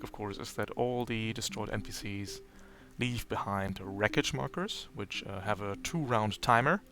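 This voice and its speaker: A man running an online tabletop game as game master, explaining rules in a relaxed way with filler pauses. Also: lowish voice.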